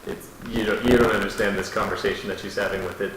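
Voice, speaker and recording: A man narrating a tabletop game as game master, in a casual, halting way with restarts. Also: fairly low pitch, steady tone. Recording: very echoey room with hiss.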